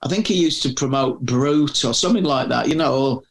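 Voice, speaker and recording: A man's voice: mid-range voice, fairly quick, creaky. A middle-aged man telling long, rambling anecdotes as a podcast guest, often restarting his sentences. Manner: rambling storyteller with frequent restarts. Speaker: podcast guest, former magazine editor. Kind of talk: casual anecdotal chat.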